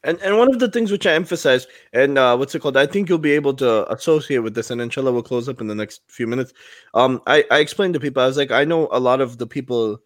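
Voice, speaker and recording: A man's voice: mid-range voice, animated, fast talker, no room sound. Earnest male podcast host, dry sound. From Pakistan. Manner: earnest and emphatic, retelling his own sermon points. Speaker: podcast host and volunteer imam. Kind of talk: casual podcast conversation.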